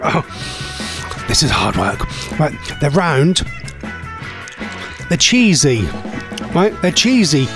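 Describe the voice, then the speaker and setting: A man's voice: fairly high pitch, big pitch swings, slow pace, long pauses. A man presenting a chatty live radio quiz, thinking aloud and sounding playfully exasperated. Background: music bed.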